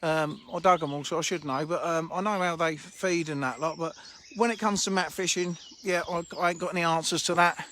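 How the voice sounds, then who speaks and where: A man's voice: fairly high pitch, fairly even intonation, brisk, few pauses, fairly bright tone, slight background noise. A fishery owner chatting informally on a live stream while walking round his lake, holding his phone, with faint birdsong outdoors. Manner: chatty, laughing, blunt and informal. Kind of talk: live-streamed lakeside walk and chat. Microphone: handheld phone.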